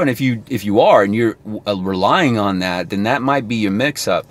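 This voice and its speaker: Man chatting as a sales coach, lowish voice. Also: animated, normal speed. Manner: chatty, coaching, thinks aloud. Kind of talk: casual talk to camera.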